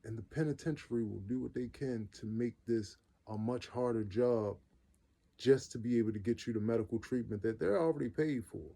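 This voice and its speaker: A man tells his own story in loose, everyday speech. His voice is mellow and dark, set at an ordinary middle pitch. He talks earnestly and leans on repeated phrases for weight. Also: a little fast, gravelly. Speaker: vlogger telling his own life story. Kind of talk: casual personal storytelling.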